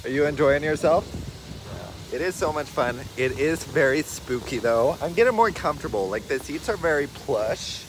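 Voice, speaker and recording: A young man, chatting excitedly and giggling as he vlogs into a handheld phone outdoors on a ski lift at night. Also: on the high side, moderate pace. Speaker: vlogger. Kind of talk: casual vlog. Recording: noisy outdoor phone recording.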